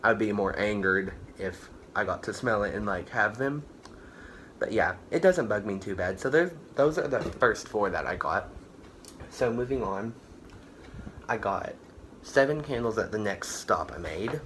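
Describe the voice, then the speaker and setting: Chatting through a candle haul at a measured pace, this man has a lowish, animated, slightly bright voice. He rambles, full of fillers and self-corrections, a bit tired and winded. A little hiss or hum runs underneath.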